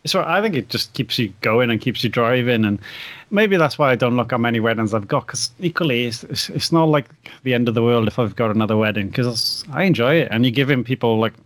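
A man's voice: medium pitch, lively intonation, quick pace, no room sound. A man chatting casually as a guest, a wedding photographer who tells stories in a rambling, restarting way. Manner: rambling, anecdotal, many restarts and laughs. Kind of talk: casual podcast chat.

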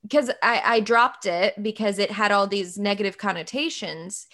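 A woman from the American South hosting a podcast, chatty and animated as she tells stories in casual conversation. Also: mid-range voice, normal speed. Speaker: podcast host.

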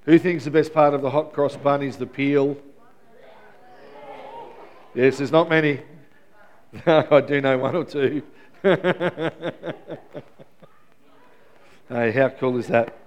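A man's voice: mid-range voice, takes it slowly, long pauses. A middle-aged man preaching an Easter sermon in a conversational way, asking the congregation questions. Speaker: pastor.

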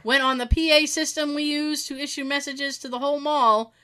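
Woman storyteller, high and bright, casual reader who laughs and quips. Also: fairly even intonation, brisk. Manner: laughs often, quips between stories. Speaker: storyteller reading listener stories. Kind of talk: casual story reading with asides.

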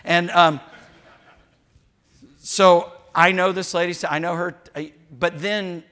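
Bright-voiced preacher man, candid and joking. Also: sits high, fairly even intonation, takes it slowly, clean tone. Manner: candid, joking asides with acted-out quotes. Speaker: pastor. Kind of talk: sermon. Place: church.

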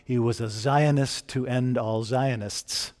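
A man's voice: medium pitch, steady tone, takes it slowly, a little mellow. A man preaching a sermon in a conversational way, often asking the listeners direct questions.

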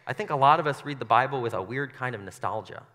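A man's voice: mid-range voice, animated, fast, pushed and bright, long reverb tail. A young man giving a casual, conversational sermon to a congregation in a church, playful and self-deprecating, often slipping into voices to act out scenes. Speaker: preacher. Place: church sanctuary.

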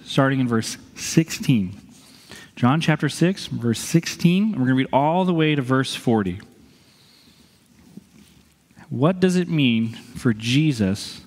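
A man's voice: medium pitch, expressive, measured pace, pauses often, a little mellow, big-room sound. A man preaching a sermon as pastor, talking earnestly and conversationally with some light humor, then reading scripture aloud to the congregation. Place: church sanctuary.

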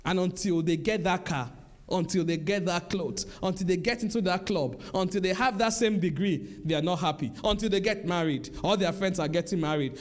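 High-voiced man preaching a sermon. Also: lively intonation, moderate pace, a little mellow. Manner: emphatic and repetitive, addressing the congregation directly. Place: church.

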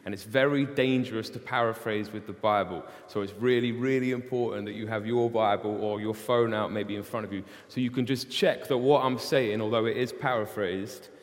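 A young man preaching a sermon in a casual, animated storytelling way. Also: on the low side, normal speed, hardly any pauses. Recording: long hall reverb.

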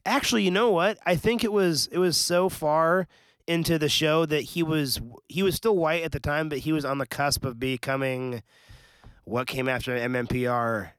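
A man co-hosting a relaxed podcast, thinking aloud in rambling, halting sentences. His voice is a touch high and the recording is dry and close. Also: smooth, no room sound. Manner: rambling, hesitant, trailing restarts. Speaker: podcast co-host. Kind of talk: casual chat about comics.

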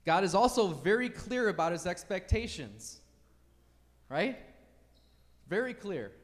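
A man with a slightly higher voice preaches a teaching sermon, building his points with emphasis and asking "right?" as he goes. His voice rings out with the long reverb of a large hall. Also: very animated, unhurried. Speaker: pastor.

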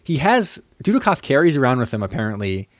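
A man in casual podcast chat, retelling a film plot in a loose, rambling way full of fillers. His voice sits at a middle pitch and the recording is close and dry, with no room sound. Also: big pitch swings, fast talker, dry recording. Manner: laid-back, rambling, heavy on fillers. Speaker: podcast co-host.

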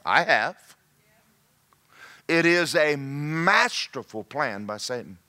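In his sermon, the pastor moves between forceful, loud passages and soft asides, his pitch rising and falling freely. His tone is bright and strong, and he takes his time, animated yet slow.

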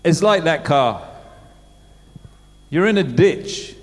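Middle-aged preacher with a high voice. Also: male voice, lively intonation, slow pace. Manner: conversational, asks the congregation questions. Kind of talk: sermon. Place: church. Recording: church hall with long reverb.

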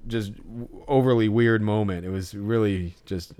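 A man's voice: lowish voice, measured pace, warm tone, clear, resonant tone. A man co-hosting a podcast in casual chat, telling stories in a laid-back, rambling way. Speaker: podcast co-host.

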